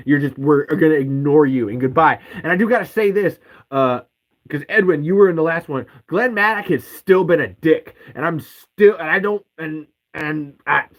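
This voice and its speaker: A man with a high voice rants furiously as a podcast host. He swears constantly and repeats the same curses over and over. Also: moderate pace, poor audio. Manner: profane, heated, repeats curses. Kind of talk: angry ranting podcast monologue.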